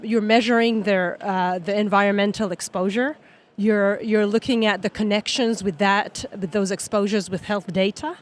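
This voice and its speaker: A woman on a panel asking a long, rambling question, full of "you know". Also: medium pitch. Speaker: panel judge.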